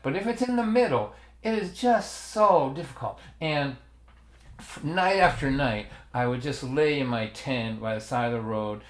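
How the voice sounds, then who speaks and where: A man in his sixties with a strong Boston accent, chatting casually and telling stories to a livestream audience, rambling and laughing often at himself. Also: mid-range voice. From Massachusetts, USA. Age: 60s. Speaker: folk singer and storyteller hosting a livestream. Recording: roomy echoey sound.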